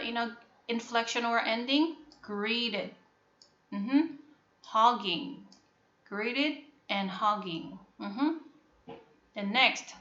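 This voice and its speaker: A woman with a Korean accent, a native Korean speaker, teaching an English phonics lesson to a class, repeating words slowly and checking that students understand. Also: mid-range voice, fairly bright tone. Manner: repetitive, drills words and asks if students understand. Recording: echoey classroom, dull lo-fi sound.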